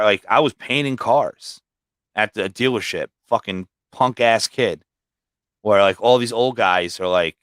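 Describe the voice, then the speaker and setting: A man's voice: on the low side, fairly bright tone, no echo. A man who is a guest on a livestream, telling long rambling stories full of swearing in a casual way. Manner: rambling, heavily profane storytelling. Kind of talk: casual storytelling.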